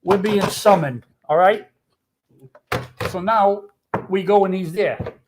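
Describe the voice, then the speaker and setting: An older man tells his story bluntly, with a tough street manner and plenty of swearing. His voice sits somewhat high for a man. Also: takes it slowly, slight background noise. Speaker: storyteller guest. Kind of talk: casual storytelling.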